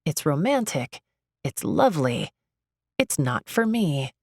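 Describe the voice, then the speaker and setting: A young woman reads a first-person romance novel aloud in a low voice. She is expressive and lively in her delivery. The recording is dry and close, with no room sound. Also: takes it slowly, no room sound. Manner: expressive, leaps high in pitch for her character's outbursts. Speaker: audiobook narrator.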